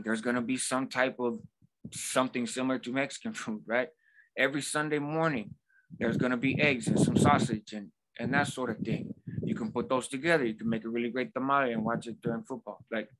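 A man's voice: medium pitch, a bit bright. A man in his forties hosting a vlog, telling a personal story in a casual, conversational way with frequent asides. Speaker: vlog host.

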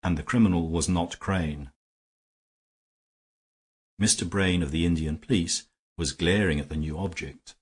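A man giving a measured, steady audiobook narration. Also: low-pitched, husky. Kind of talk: scripted narration.

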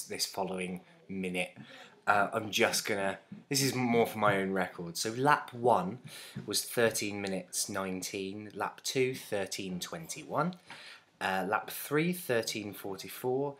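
A man's voice: lowish voice, fairly bright tone. A man, rambling casually in a video diary and often laughing. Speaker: vlogger.

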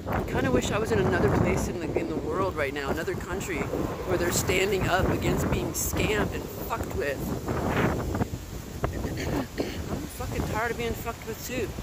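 A woman's voice: lowish voice, lively intonation, normal speed. An older woman in a furious, profane outdoor rant, walking through a windstorm and filming the sky on her phone. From Oregon, USA. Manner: furious, profane, shouting at viewers. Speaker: vlogger. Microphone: handheld phone filming the sky. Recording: loud wind buffeting the phone mic.

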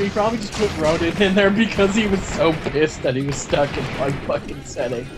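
Excitable profane podcast ranter. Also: medium pitch. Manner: excitable, profane, bursts into shouting. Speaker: podcast host. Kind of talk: casual comedic rant.

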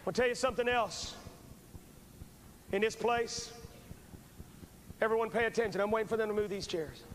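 An evangelist with a high voice preaches at normal speed in a revival sermon with an altar call, fervent and urgent, repeating phrases as he pleads with the crowd. It's a poor VHS recording from a large church, with long hall reverb and faint hiss.

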